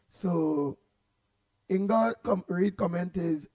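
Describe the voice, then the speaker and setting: A Trinidadian man hosting a morning call-in radio show, loud and passionate as he greets listeners one by one by name. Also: sits high, moderate pace, long pauses, dry recording.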